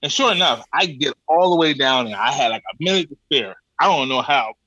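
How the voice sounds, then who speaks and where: On a podcast, a guest with a mid-range, fairly quick voice tells a comic travel story in casual chat, loose and colloquial, swearing casually. He's an animated storyteller who acts out his exasperated exchanges with the people he dealt with. The recording is lo-fi with no echo.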